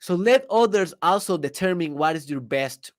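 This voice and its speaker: A man's voice: sits high, normal speed, no echo, clean studio sound. A young man whose first language is Spanish, telling a story in a casual motivational monologue with loose grammar. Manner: animated storytelling with laughter and non-native grammar. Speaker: podcast host.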